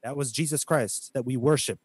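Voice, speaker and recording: An American man co-hosting a podcast talks emphatically and preachily in casual chat, quoting scripture and mocking critics by putting on their voices. He has a mid-range voice with a breathy edge and speaks fairly quickly. There's no room sound.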